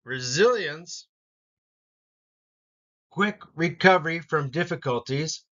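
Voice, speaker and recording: A man teaching an English vocabulary lesson, saying each word slowly and clearly for learners to repeat. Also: fairly high pitch, lively intonation, pushed and bright, highs cut off. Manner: slow, deliberate word-by-word pronunciation.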